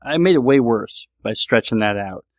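A man's voice: mid-range voice, lively intonation, moderate pace, no echo. A man hosting a podcast, rambling casually and teasing himself, with many restarts. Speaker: podcast host. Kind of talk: casual monologue.

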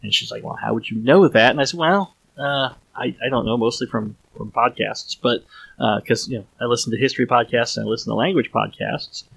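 A man's voice: mid-range voice, brisk, vocal fry, a bit bright, slightly rough, poor audio. A man hosting a solo podcast, thinking aloud in a casual, rambling way with frequent restarts and trailing sentences.

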